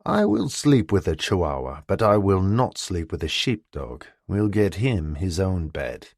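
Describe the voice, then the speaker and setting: A man reading an audiobook and voicing a playful, devoted gentleman in a romance. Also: low voice, big pitch swings, unhurried, dry recording, studio quality, heavily acted. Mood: tender.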